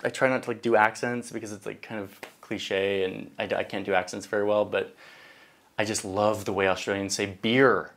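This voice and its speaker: A woman's voice: rumbling low, steady tone, normal speed. A woman host giving a casual, jokey educational narration with chatty asides. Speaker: video essay host. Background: background music.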